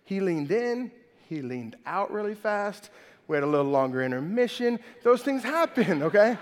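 A man's voice: high-pitched, very animated, moderate pace. A man preaching a sermon in a casual, chatty way, tacking "right?" onto his points. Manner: chatty, keeps adding "right?". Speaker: pastor. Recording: long hall reverb.

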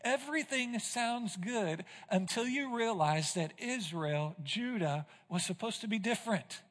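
Male pastor, high-pitched, preaching with dramatic volume swings, long church reverb. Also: animated, measured pace. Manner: dramatic, swings from loud to hushed. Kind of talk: sermon. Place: church sanctuary.

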